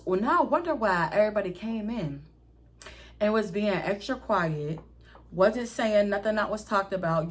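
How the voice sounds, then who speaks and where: A young woman tells a casual storytime to her viewers, animated and laughing, with frequent swearing. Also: mid-range voice, moderate pace. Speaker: vlogger telling a story.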